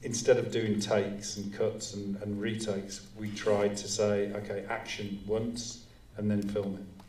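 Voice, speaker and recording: Male director, measured Q&A talk; flat and low, distant in a roomy hall. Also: a little hiss or hum. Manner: measured, explanatory. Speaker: writer and director. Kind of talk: live audience Q&A. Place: cinema auditorium. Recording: roomy hall sound, voice from off-mic.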